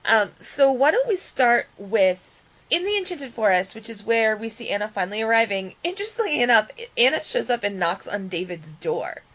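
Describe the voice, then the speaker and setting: A woman hosts a casual chat and steers the talk with animated questions. Her pitch swings widely as she talks. The sound is dull and lo-fi. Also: moderate pace. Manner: animated, leads the discussion, laughs often. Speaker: podcast host.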